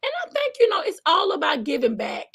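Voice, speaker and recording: A woman from the American South hosts a casual live-stream chat over a video call. Her voice sits high and swings widely, with a gravelly fry underneath. She is animated and exclamatory and reads viewer comments aloud. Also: fairly quick. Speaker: talk show host and pastor.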